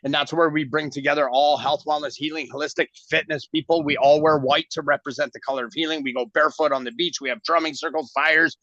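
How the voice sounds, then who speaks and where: Bright-voiced storytelling middle-aged man. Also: a little high, fast talker, hardly any pauses, dry recording. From Canada. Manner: animated storyteller acting out quoted dialogue. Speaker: guest. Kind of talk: storytelling in a casual interview. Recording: dull lo-fi audio.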